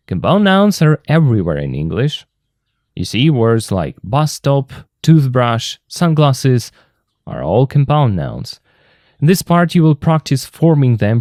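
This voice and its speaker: A male English teacher, a native Russian speaker, talks through a textbook lesson in a lively, patient way, drawing out his examples. His voice is recorded close and dry, with no room sound. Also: medium pitch, no room sound. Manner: patient, clear, repeats examples slowly.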